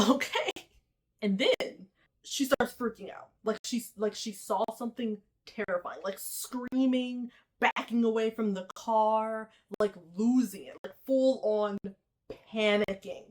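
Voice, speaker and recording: A woman casually retelling a horror film's plot in a chatty, animated way, peppering her talk with asides and "okay?". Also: mid-range voice, measured pace. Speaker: movie reviewer.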